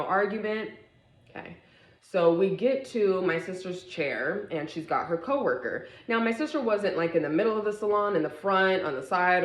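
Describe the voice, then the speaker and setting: A woman with a low, deep speaking voice tells a personal story to her viewers in a casual, animated way. She slips into the voices of the people in the story as she goes. The sound has an echoey room around it. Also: muffled recording. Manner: animated, acts out quoted voices.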